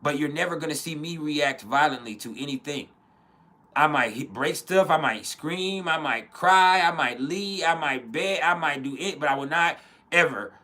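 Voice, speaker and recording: Blunt guy in his 30s just talking it out, bright voice, swears a lot, keeps restarting sentences. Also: a little high. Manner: earnest, blunt, frequent profanity and restarts. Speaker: podcast host. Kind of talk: casual spoken reflection.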